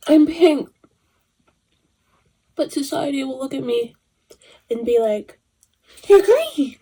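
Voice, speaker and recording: A woman in her twenties giving a casual, animated movie review, emotional and swearing freely. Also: high-pitched, slow. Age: 20s. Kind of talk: casual chat.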